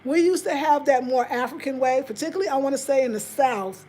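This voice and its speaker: A woman's voice: high-pitched, quick pace, dark tone. A woman chatting casually on a live stream, talking straight to her viewers and answering their comments. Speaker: vlogger reading live chat.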